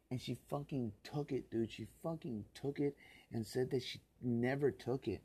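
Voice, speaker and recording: Bitter, profane man with a dark voice. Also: mid-range voice, moderate pace, husky. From Los Angeles area. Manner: profane, bitter, rising to angry rants. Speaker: podcaster. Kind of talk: rambling solo monologue.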